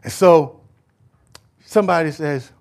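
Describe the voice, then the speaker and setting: A man preaching a sermon in church, emphatic and full of rhetorical questions, swinging from shouts to hushed asides. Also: a little high, a little slow, creaky.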